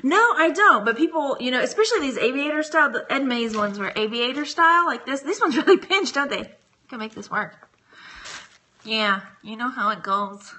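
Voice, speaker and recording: High, bright-voiced chatty woman. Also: animated, brisk. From Texas. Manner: chatty, giggly, rambling. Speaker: reseller vlogger. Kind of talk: casual livestream chat.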